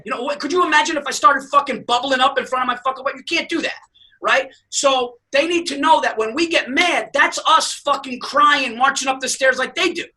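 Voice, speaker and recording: A man co-hosting a podcast, swearing and getting excited as he tells stories in casual comedic chat. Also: very high voice, brisk, recorded from a distance, rough recording. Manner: excitable, swearing, rising to shouts. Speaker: podcast co-host.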